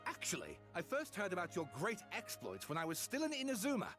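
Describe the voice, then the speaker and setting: A man voicing an eager, excitable young male writer in a video game. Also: high voice, normal speed, over music.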